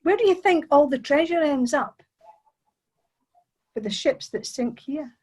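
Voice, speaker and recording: A woman's voice: high voice, a little slow, a little mellow, pitched above the performer's own voice, poor audio. A woman voicing a haughty, know-it-all female mermaid who talks in a bossy, teasing, dramatic way.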